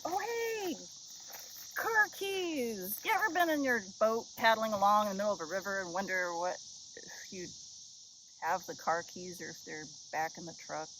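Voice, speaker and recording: A woman's voice: medium pitch, fairly bright tone, slight background noise, rough recording. A woman chatting casually to her viewers in a rambling, self-deprecating vlog, recorded on a head-mounted camera outdoors on a river island. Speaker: vlogger. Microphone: head-mounted action camera. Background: insects and nature sounds.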